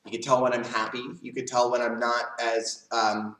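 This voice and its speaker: A man teaching a live leadership class to kids as a karate instructor, calm and earnest, speaking straight to his students. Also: medium pitch, normal speed, distant mic. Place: karate school. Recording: roomy, mic set back.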